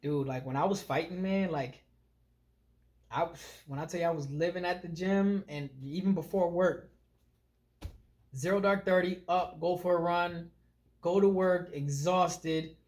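A man's voice: high voice, unhurried. A man co-hosting a podcast, telling stories animatedly in casual chat with many fillers. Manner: animated, storytelling, filler-heavy. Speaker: podcast co-host.

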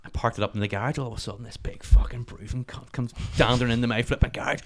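A man in his thirties with a Northern Irish accent, chatting as a podcast guest, animated and swearing freely. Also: mid-range voice. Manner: swears freely, animated storytelling, rapid talk. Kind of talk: casual interview chat.

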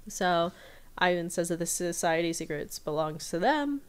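Woman co-host, casual recap, smooth lowish voice, chatty. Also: lively intonation, moderate pace. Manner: chatty retelling with fillers. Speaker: podcast co-host.

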